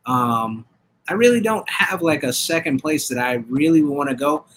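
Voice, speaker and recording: A male podcast co-host chats casually in a voice on the high side, expressive and fairly bright, at a moderate pace. He rambles with many fillers and restarts. A little hiss or hum sits in the background.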